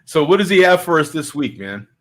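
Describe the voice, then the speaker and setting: Male show host, casual chatter, animated pitch, laughs a lot. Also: a little fast. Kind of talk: casual chat. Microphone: video call.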